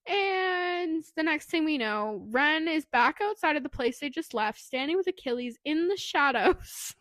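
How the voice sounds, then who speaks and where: A woman co-hosting a podcast, casually retelling a novel's plot in an animated way, full of swearing and quoted voices. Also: high-pitched, a little slow, no room sound. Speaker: podcast co-host. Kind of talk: casual book review chat.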